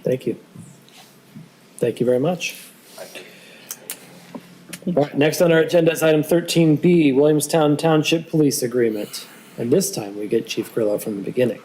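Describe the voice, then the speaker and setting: A man chairing a township board meeting who thanks speakers and calls the next items in a brisk, formal way. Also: on the high side, mellow, a little hiss or hum, low-quality recording. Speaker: presiding board official.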